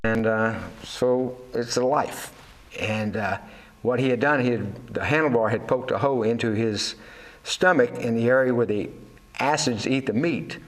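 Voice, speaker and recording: A man's voice: medium pitch, normal speed. An older man, a Navy veteran and fishing captain, telling his life story candidly in an interview, full of fillers and restarts and acting out the voices of people in his stories. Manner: rambling, with many fillers and restarts.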